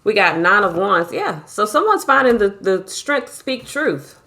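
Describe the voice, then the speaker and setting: A woman's voice: mid-range voice, big pitch swings, unhurried, sharp tone. A woman giving a casual tarot reading, talking bluntly and emphatically with lots of profanity and a way of speaking. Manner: blunt, profane, emphatic, repeats "you feel me". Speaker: tarot reader.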